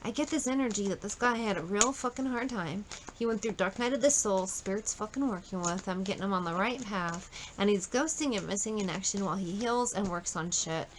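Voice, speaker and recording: A woman's voice: medium pitch, fairly quick, slight background noise, low-quality recording. A woman doing a casual tarot reading, blunt and profane, thinking aloud as she pulls cards. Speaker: tarot reader.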